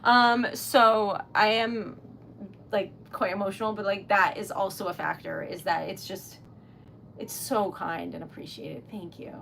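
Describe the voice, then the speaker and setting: A woman's voice: medium pitch, fairly even intonation, measured pace, creaky, a bit bright, slight background noise. A young woman livestreaming while she crafts, chatting casually in an emotional, giggly way with lots of fillers. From Rhode Island, US. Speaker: livestreaming small-business owner. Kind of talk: casual live-stream chat while crafting.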